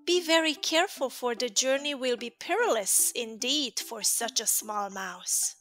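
A woman's voice: a little high, lively intonation, measured pace, faint music behind. A cautious fat mouse, voiced by a woman. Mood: cautioning. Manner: warm, cautioning. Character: fat, comfortable, generous mouse.

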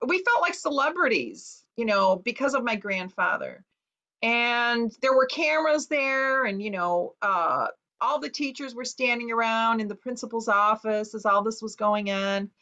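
A woman's voice: on the high side, animated, moderate pace, sharp tone. Earnest woman recounting, lo-fi sound. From United States. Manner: earnest, recounting with quoted dialogue and many fillers. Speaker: author guest. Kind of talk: personal interview storytelling. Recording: dull lo-fi recording.

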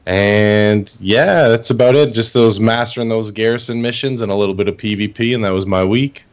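A man's voice: fairly low pitch, moderate pace. A man co-hosting a gaming podcast, telling about his week with self-mocking chuckles. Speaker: podcast co-host. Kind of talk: casual chat.

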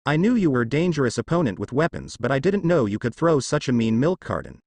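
A man voices a brash, cocky teenage boy ninja full of bold talk. The pitch jumps around with energy, and the recording is close and dry. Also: big pitch swings, quick pace, a little mellow, husky, dry recording.

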